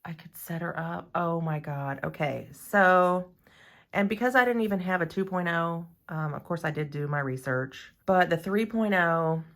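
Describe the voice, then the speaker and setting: A woman chatting casually in her home nail salon, gushing excitedly as she unboxes nail art gear. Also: on the low side, moderate pace. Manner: excitable, gushing, often gasping and sighing.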